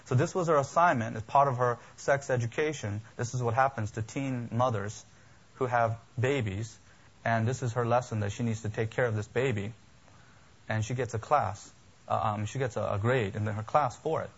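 A man's voice: medium pitch, a little fast, slightly rough. A man preaching a sermon as a pastor, emphatic and building, with lists and rhetorical questions. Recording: dull lo-fi sermon recording.

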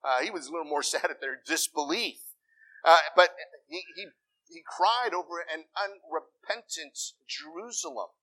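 A middle-aged man preaching a sermon in a conversational way, with asides and quick self-corrections. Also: a little high, animated, bright, forceful tone, poor audio. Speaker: pastor.

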